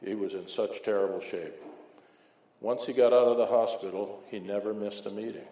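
A man's voice: on the low side, steady tone, moderate pace, dark tone. A man preaching an informal, folksy sermon with homespun anecdotes, often checking in with "right?". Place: church hall. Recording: echoey hall recording.

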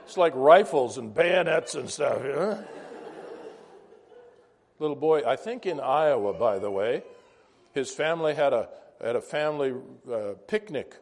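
A man's voice: fairly high pitch, lively intonation, a little slow, a little hiss or hum. Man teaching a chatty Bible class. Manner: conversational, asks the class questions, wanders into asides.

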